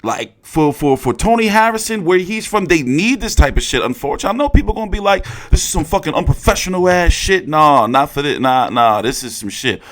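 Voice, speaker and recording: A young man reacting to a press conference in casual, profane commentary, often jumping into loud, excited outbursts. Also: fairly high pitch, fairly quick, hardly any pauses. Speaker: boxing commentator.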